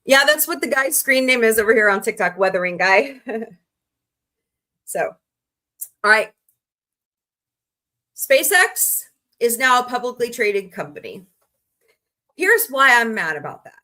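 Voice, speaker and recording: A woman's voice: fairly high pitch, very animated, unhurried, pauses often, bright, forceful tone. A woman from Missouri hosting a casual live stream, chatty and rambling with frank asides to her viewers. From Missouri, USA. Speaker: livestream host.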